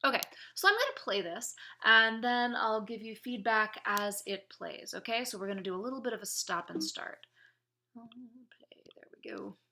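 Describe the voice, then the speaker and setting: A woman's voice: on the high side, lively intonation, normal speed, hardly any pauses, sharp tone. A woman instructor giving spoken feedback on a student's presentation, encouraging, with many fillers and restarts.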